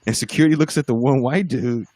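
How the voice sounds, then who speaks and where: A man's voice: mid-range voice, fast, a little mellow, dry recording. A man on a podcast, casually telling a story, swearing freely and acting out other people's voices when he quotes them. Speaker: podcast guest, band musician. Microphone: podcast mic over a livestream.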